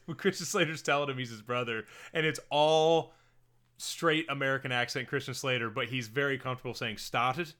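A man co-hosting a movie podcast in a casual, animated way, laughing as he talks. His voice is bright and forward, and his pitch sits in a middle range. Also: a little fast. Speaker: podcast co-host. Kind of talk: casual movie review chat.

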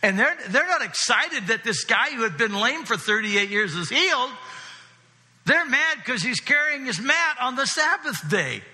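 Bright-voiced male pastor preaching. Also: extremely high pitch, normal speed. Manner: animated, conversational, often asks the audience "right?". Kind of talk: sermon. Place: church hall with a congregation. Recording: long reverb of a large hall.

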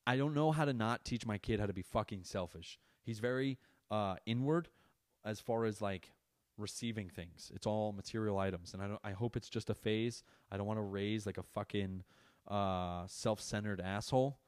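Low-voiced, swearing man ranting casually. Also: moderate pace, darkish tone, clear, resonant tone, dry recording, studio quality. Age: adult parent. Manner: profane, exasperated ranting. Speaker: podcast host. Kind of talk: casual monologue.

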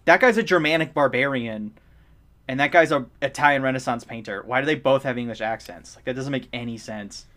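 A young man co-hosts a laid-back movie review podcast, ranting energetically and laughing a lot. His voice is medium-pitched and sharp, and he talks fairly quickly.

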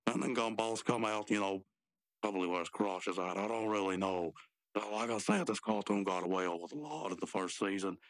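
Low-voiced man rambling through a recap. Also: a little fast, no room sound. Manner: loose, rambling storytelling with asides. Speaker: podcast co-host. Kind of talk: casual chat recapping a cartoon.

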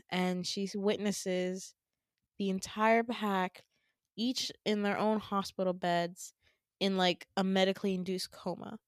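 A woman's voice: medium pitch, darkish tone, clear, resonant tone, dry recording, clean studio sound. A young woman, a podcast host, tells a dream story casually, with lots of fillers and laughing asides.

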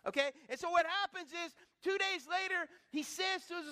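A man preaching a sermon as pastor, asking the congregation rhetorical questions in an animated way. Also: very high voice, fairly quick, hardly any pauses. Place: church hall. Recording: long hall reverb.

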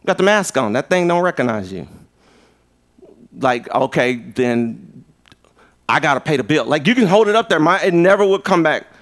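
A man preaching a lively live sermon as pastor, playful and animated, acting out little voices and jokes. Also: fairly high pitch, moderate pace, pauses often.

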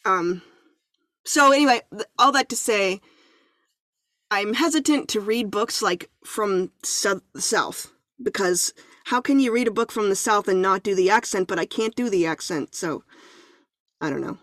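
Woman, 30s, podcast guest; chatty and self-deprecating, mid pitch, dead-dry recording. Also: moderate pace, a bit bright, no echo. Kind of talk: casual chat.

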